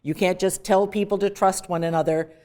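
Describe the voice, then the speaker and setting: A woman professor lectures in a direct, emphatic way. She is quick to dismiss clichés, and her voice sits at a middle pitch. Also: steady tone, warm tone. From Canada. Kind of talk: recorded lecture.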